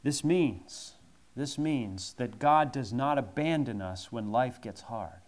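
Slow, emphatic male preacher. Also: mid-range voice, lively intonation, darkish tone. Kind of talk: sermon.

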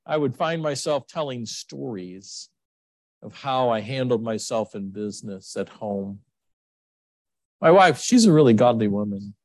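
A man preaching a sermon, telling stories with lively swings into a high excited voice. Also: a little slow, no echo. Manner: animated storytelling, jumps to high excited pitch. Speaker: pastor.

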